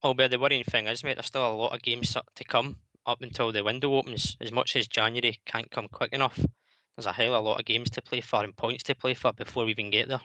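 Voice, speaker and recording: A man hosting a football phone-in, giving steady, matter-of-fact match analysis. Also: mid-range voice, quick pace, no room sound, rough recording. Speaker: radio show host. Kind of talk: casual football chat.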